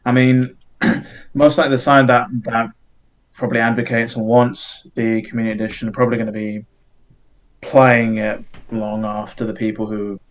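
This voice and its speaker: A man's voice: medium pitch, flat delivery, moderate pace, highs cut off. A man who makes game videos, talking casually as a podcast guest, rambling and swearing a little. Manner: rambling, full of fillers and restarts, casual swearing.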